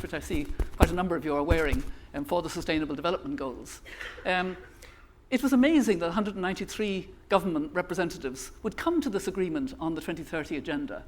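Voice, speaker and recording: An older Irish woman in her seventies giving a conference keynote speech in a measured, earnest way, with small restarts. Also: fairly low pitch. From Ireland. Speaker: keynote speaker.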